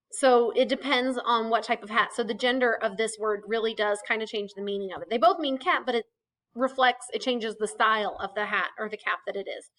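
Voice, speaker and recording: A woman's voice: fairly high pitch, fairly bright tone, low-quality recording. A woman teaching a casual recorded vocabulary lesson, chatty and explaining with asides and fillers. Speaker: Spanish teacher.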